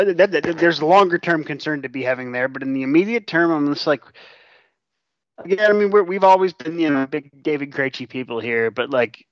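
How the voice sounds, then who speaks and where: Halting analytical man on a dull mic. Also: fairly high pitch, no room sound. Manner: analytical, halting with many restarts, swears casually. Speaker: podcast co-host. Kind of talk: casual chat.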